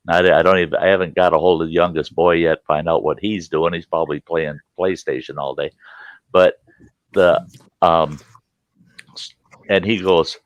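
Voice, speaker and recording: Low-voiced folksy man telling a story. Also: steady tone, moderate pace, no room sound. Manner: folksy, salty storytelling, often laughing. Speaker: livestream host. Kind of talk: casual storytelling to a live chat.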